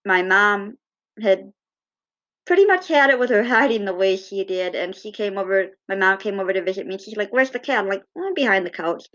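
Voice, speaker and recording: A woman telling fond, gently humorous personal stories in a casual way. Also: medium pitch, brisk, highs cut off. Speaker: cat owner.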